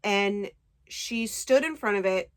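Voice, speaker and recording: A woman's voice: mid-range voice, slow. A woman casually recapping a book to her viewers, chatty and enthusiastic, with the odd swear word. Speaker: book reviewer.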